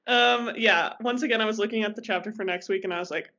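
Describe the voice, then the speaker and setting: A woman's voice: medium pitch, moderate pace, pauses often, pushed and bright. Giggly young woman, muffled podcast mic. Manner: bubbly, giggly. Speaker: podcast co-host. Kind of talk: casual chat.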